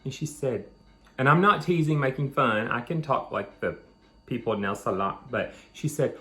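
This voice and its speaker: A man's voice: medium pitch, lively intonation, normal speed, a bit bright. A man hosting a home video, chatting casually and rambling between bites of food. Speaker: vlog host. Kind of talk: casual chat while eating.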